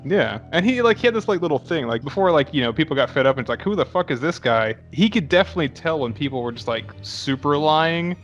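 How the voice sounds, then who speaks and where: Fast-talking man, lots of "like". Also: on the high side, animated, faint music behind. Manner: rapid, filler-heavy, swears casually. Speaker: podcast co-host. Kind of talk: casual movie chat over beers.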